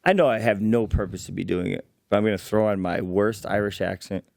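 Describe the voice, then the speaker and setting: Gravelly-voiced brash comedian man. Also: fairly low pitch, fairly quick, a little mellow, no echo, clean studio sound. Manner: profane, brash, jokey. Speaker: comedian podcast co-host. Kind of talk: casual chat.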